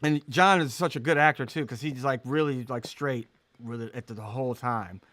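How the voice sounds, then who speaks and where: A man's voice: mid-range voice, a little fast, fairly bright tone, dry recording. Man, talkative host, mid-range voice, laughs through his stories. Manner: chatty storyteller, laughs often. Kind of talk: casual comedy chat.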